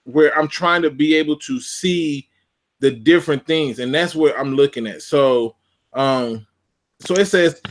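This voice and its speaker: A man's voice: on the high side, measured pace. Emphatic man talking sports. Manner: emphatic, repeats phrases for effect. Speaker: podcast co-host. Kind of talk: casual sports talk.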